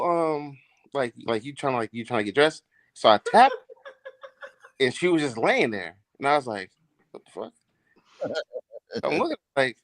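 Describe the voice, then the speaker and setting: Man, casual storytelling, lively swooping pitch, dry close sound, profane. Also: no room sound. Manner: animated, profane, laughs while telling.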